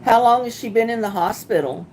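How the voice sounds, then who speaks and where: A woman hosting a casual livestream, chatting with viewers as she reads their comments, sympathetic and quick to laugh. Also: fairly high pitch, a little mellow, a little hiss or hum. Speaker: livestream host.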